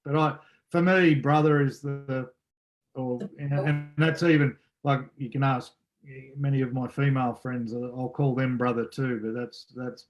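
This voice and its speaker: Australian bloke, blunt and jokey, laughs easily, casual podcast talk. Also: male voice, medium pitch, fairly even intonation, measured pace. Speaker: podcast co-host. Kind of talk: casual chat.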